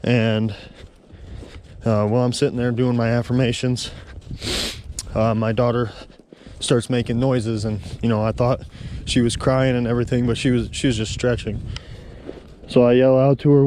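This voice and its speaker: A man's voice: mid-range voice, little pitch movement, moderate pace, long pauses, darkish tone. A man in his thirties on a walk outdoors, telling a heartfelt, rambling story about his day. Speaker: vlogger. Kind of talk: casual walking vlog. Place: outdoors on a snowy trail walk.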